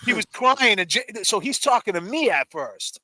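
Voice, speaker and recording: Animated storytelling man, bright high voice. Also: normal speed. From Massachusetts. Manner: animated, acts out friends' voices. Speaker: livestream host. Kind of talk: casual storytelling chat.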